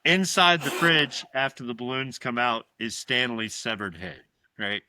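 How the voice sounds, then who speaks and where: Bright-voiced man recapping a horror film. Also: medium pitch, slight background noise. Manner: animated storytelling, quick asides seeking agreement. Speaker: podcast co-host.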